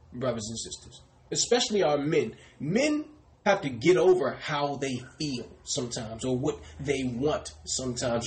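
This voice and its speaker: A man preaching a sermon. He asks questions and answers them himself, and he keeps tagging lines with "brothers and sisters" in a dropping voice. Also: mid-range voice. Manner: repeats "brothers and sisters" with falling, quieter tags. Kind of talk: sermon teaching.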